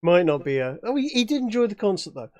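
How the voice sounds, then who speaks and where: A man from England, a player at a tabletop game, who talks in a rambling way, restarting and filling his sentences. His voice sits a bit high and sounds smooth and clear. The recording is dry and close. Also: very animated, quick pace, darkish tone, no room sound. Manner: rambling, many restarts and fillers. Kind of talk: casual chat at a tabletop game.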